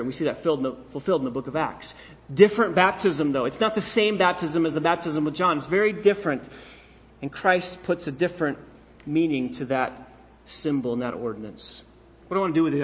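A man's voice: fairly high pitch, a bit bright, in a large hall, lo-fi sound. A male pastor preaching a sermon in earnest, asking rhetorical questions and repeating key phrases.

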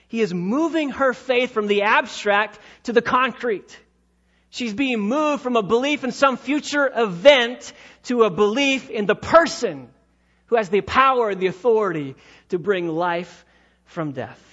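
A man preaching a sermon, dramatic, with swings from loud emphatic lines to hushed ones. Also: extremely high pitch, animated, measured pace, muffled recording. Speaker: pastor.

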